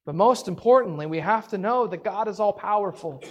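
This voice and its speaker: A woman teaching a Bible story in a casual, animated way, chatty and full of "like", acting out the characters' lines. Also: mid-range voice, muffled recording. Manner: animated, acts out the characters' lines in quick voices; chatty, peppered with "like".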